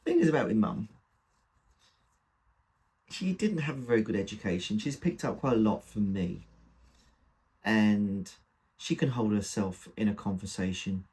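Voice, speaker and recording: A man's voice: fairly low pitch, a little slow, long pauses, a little mellow, husky. A man reading a comic dramatic monologue in the first person, with a wry, gossipy delivery. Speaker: reader.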